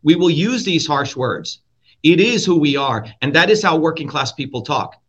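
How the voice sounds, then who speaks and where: Forceful, profane man with a bright voice. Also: a little high, animated, moderate pace, husky. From India. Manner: forceful, blunt, profane, repeats points. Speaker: guest, presidential candidate. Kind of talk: heated interview talk. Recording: dull lo-fi audio.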